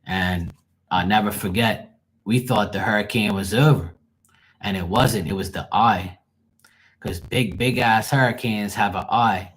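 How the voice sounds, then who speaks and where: A man's voice: on the low side, unhurried, a bit bright, slightly rough. Profane man telling a story. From Bermuda. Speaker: livestream host. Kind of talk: casual storytelling.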